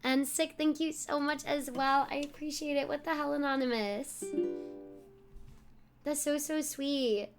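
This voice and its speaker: A woman's voice: high-pitched, fairly even intonation, a little slow, music in the background. A young woman streaming live, laughing often as she exclaims and thanks her viewers.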